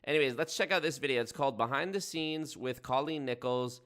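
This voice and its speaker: A man's voice: mid-range voice, a little fast, a bit bright. A young man with a mid-range voice hosts a casual livestream. He rambles, swears, and jokes sarcastically with his chat. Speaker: livestream host. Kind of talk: casual stream commentary.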